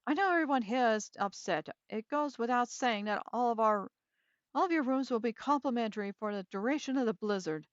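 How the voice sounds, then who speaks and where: Woman doing a high, pleading hotelier woman. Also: brisk, dry recording, dull audio, lightly acted. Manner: pleading, soothing. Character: anxious, placating woman hotel owner.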